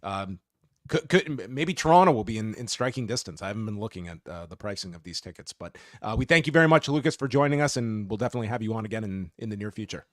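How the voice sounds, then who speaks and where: A man's voice: fairly low pitch, animated, fast, dry recording, clean studio sound. A man co-hosting a podcast, chatting casually with a wry, joking manner as he wraps up segments. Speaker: podcast co-host.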